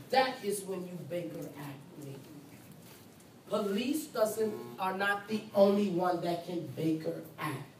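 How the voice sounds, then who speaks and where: A woman's voice: medium pitch, a little slow, a little mellow, a little hiss or hum. A woman nursing instructor lecturing a class, speaking emphatically and repeating key points while acting as the patient in the first person. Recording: roomy, far from mic, faint ambience.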